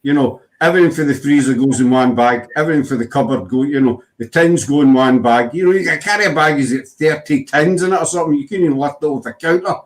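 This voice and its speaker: Chatty man, slightly high voice. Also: fast, hardly any pauses, rough recording. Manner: rambling storyteller, says "you know" a lot. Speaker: podcast host. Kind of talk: casual chat.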